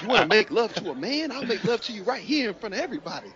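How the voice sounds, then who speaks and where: A man voicing a crude, brash male prison inmate, loud and laughing in a put-on voice. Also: high voice, very animated, very fast, over a noisy crowd, voice pushed up. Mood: brash, leering. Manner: loud, laughing, over the top. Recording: muffled lo-fi recording.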